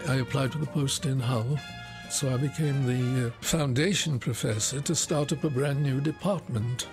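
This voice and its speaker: A man in his nineties recalling his life in an unhurried interview, often pausing with "uh". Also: medium pitch, over music. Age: 90s. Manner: unhurried storytelling, frequent pauses with "uh". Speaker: interviewee, retired scientist and magician. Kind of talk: reminiscing interview.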